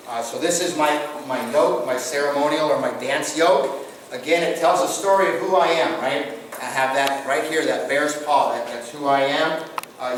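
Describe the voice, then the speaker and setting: A man presents to a live audience, telling stories and asking the listeners questions in a folksy manner. He is far from the mic in a very echoey room, and steady noise runs behind his voice. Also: medium pitch. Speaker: guest presenter on tribal culture. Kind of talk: storytelling talk to a group.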